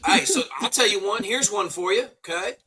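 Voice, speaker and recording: A man's voice: high voice, lively intonation, brisk, bright, forceful tone, husky. A man in his forties, a former special operations veteran, telling blunt, profane stories in a casual panel talk. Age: 40s.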